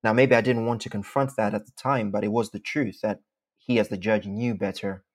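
Speaking in a lowish voice with fairly even intonation, a man from Zimbabwe fields interview questions. He is a speech contest winner, and his answers come out measured, articulate and formally worded.

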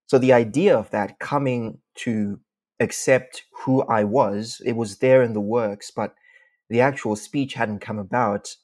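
A man from Zimbabwe, a speech contest champion, answering interview questions in a measured, articulate way with formal phrasing. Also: medium pitch, steady tone, a little mellow.

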